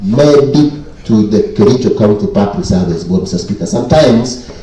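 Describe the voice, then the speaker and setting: A Kenyan man with a low, dark, expressive voice delivers a formal committee report in a county assembly, deliberately fitting "Mister Speaker" into nearly every phrase. He sits back from the microphone in a very echoey chamber, with soft music in the background.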